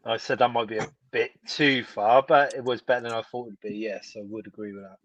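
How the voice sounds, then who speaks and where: A man's voice: medium pitch, fairly even intonation, a little fast, a bit bright, no echo, highs cut off. A man joining a podcast stream as a guest from his phone, easygoing, matey and self-deprecating. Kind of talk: casual live-stream chat.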